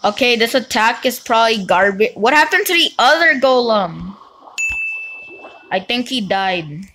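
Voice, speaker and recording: A woman hosting a gaming channel, giving live gameplay commentary with excitable outbursts and rambling, unsure asides. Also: fairly high pitch, measured pace, a little hiss or hum. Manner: excitable, frequent outbursts and shouting.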